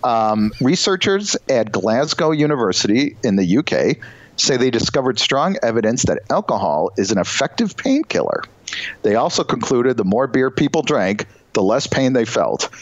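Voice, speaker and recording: Brief: male podcast co-host, animated delivery, filler-heavy banter, dull dry recording. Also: medium pitch, no room sound. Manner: reads news items, quick puns, many fillers. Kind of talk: casual comedic chat.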